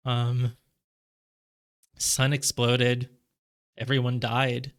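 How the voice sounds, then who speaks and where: A man's voice: mid-range voice, completely flat delivery, drawn-out words, clean tone. A man musing aloud over his gameplay. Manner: musing aloud, heavy on "like" fillers. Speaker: gamer playing through a game. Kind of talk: casual let's-play commentary.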